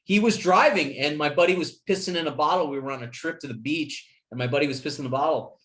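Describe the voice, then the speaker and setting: Fast-talking, with a slightly high and fairly bright voice, this podcast host spins stories in a casual chat. He curses liberally and acts out what his friends said, imitating their voices.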